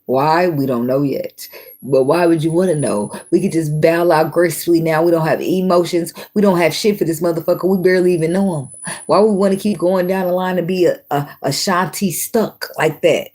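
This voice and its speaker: A woman with a husky, breathy voice talks through a tarot reading in a loose, casual way. She is blunt and swears freely, laughing between her points. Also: lowish voice, steady tone, a little fast, warm tone. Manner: blunt, profane and laughing often. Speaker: tarot reader.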